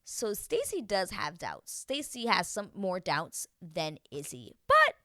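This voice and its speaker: A woman giving a casual TV recap, chatty and expressive, who swears freely and acts out what people said. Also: on the low side, takes it slowly, no echo. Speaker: TV recap vlogger. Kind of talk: casual reality-show recap.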